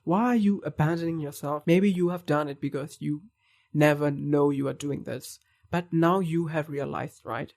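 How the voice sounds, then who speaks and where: A man's voice: on the high side, vocal fry, a little mellow. A man coaching viewers through anxiety recovery in an earnest, reassuring self-help talk, speaking straight to the listener.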